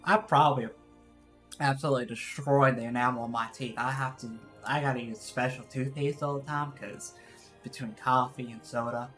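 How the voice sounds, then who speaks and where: A man's voice: mid-range voice, fairly even intonation, moderate pace, fairly bright tone, soft background music. A man streaming live, chatting casually in a put-on East Texas accent, rambling and often laughing at himself. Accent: put-on East Texas drawl. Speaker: VTuber streamer.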